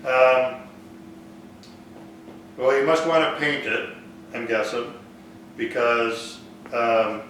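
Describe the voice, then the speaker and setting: Man, woodshop host, relaxed Q&A, far mic, big room echo. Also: medium pitch, takes it slowly, long pauses, slight background noise. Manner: relaxed, thinks aloud with fillers. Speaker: woodworking live stream host. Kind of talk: casual live Q&A, reading viewer comments. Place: woodworking shop.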